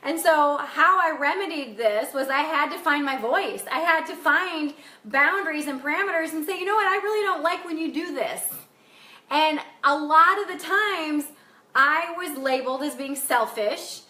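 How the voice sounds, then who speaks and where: A woman's voice: high voice, moderate pace, sharp tone, reverberant. A woman life coach chatting on a live stream, reading comments aloud and talking in a blunt, emphatic way with casual swearing.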